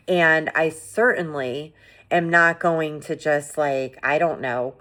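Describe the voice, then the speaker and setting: Middle-aged woman, low voice, earnest and chatty podcast host, gentle pep-talk delivery. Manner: earnest, conversational, many fillers like "you know" and "like". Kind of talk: gentle encouraging monologue.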